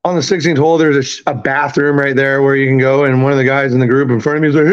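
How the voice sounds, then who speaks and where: A man in his fifties, raised in Canada, telling a story in a casual, profane, animated way and acting out the quotes. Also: medium pitch, quick pace, clean tone, muffled recording. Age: 50s. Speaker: podcast guest.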